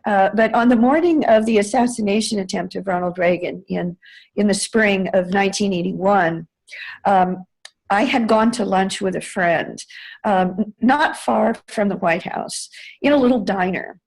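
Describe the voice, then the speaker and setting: An older American woman, once a White House staffer, tells a long story as an interview guest, full of fillers and self-corrections. Her mid-range voice carries vocal fry and a slightly mellow quality at normal speed. The recording is rough.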